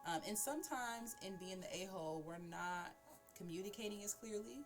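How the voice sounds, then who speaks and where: A woman hosting a casual chat, animated and laughing as she acts out everyday examples. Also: medium pitch, normal speed, soft background music. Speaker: host.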